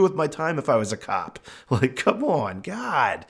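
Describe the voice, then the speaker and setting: A man hosting a podcast, telling his own story in a casual, animated way with many fillers. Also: mid-range voice, measured pace, gravelly, hardly any pauses, breathy edge. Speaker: podcast host.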